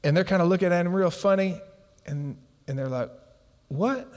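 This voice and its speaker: Animated male preacher in a reverberant hall. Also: high-pitched, brisk. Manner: animated storyteller who laughs through his anecdotes. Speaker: pastor. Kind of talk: sermon storytelling.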